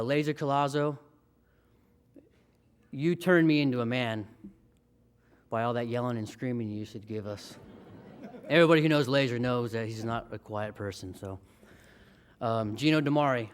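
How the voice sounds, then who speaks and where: A man's voice: mid-range voice, clean tone, in a large hall. Man giving an emotional acceptance speech. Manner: heartfelt, emotional thanks. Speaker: hall of fame inductee.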